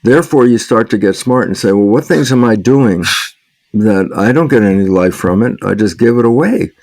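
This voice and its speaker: A man's voice: fairly low pitch, lively intonation, normal speed, darkish tone, no room sound. A man answering as an interview guest and author, acting out the back-and-forth of quoted conversations and chuckling often as he talks.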